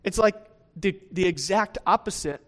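A man's voice: high-pitched, moderate pace. A man preaching a sermon in a conversational way, often restarting phrases and checking in with the listeners with "right?". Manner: acts out the quoted lines of the disciples in lively voices.

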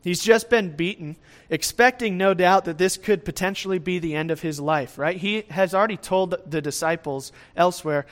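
A man preaching a sermon in a conversational way, often checking in with his listeners. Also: high voice. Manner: lively swings in loudness, speeds up and slows down. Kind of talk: sermon, verse-by-verse teaching.

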